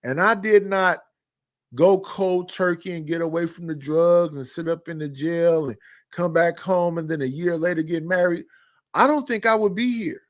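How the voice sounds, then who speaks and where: A man's voice: on the high side, moderate pace. Blunt mid-fifties man telling stories. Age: 50s. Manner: blunt, candid, repetitive phrasing. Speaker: podcast host. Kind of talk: casual storytelling chat.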